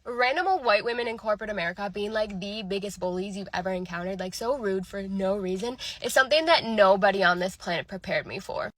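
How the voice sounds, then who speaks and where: A woman's voice: medium pitch, fast, few pauses, a bit bright, no echo. A woman in her twenties ranting casually to camera, frank and emphatic, firing off questions. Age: 20s. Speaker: vlogger.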